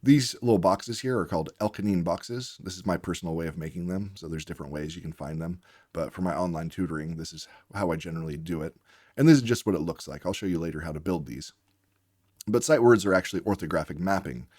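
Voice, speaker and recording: A man's voice: sits low, fast talker, darkish tone, dry recording, studio quality. A man working as a reading tutor, giving a patient lesson and sounding out words letter by letter. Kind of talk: instructional explainer lesson.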